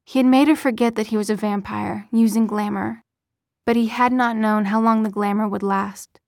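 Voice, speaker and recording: A woman narrating a novel in a measured, steady storytelling voice. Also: medium pitch, gravelly, no echo, clean studio sound. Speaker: audiobook narrator. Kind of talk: scripted audiobook narration.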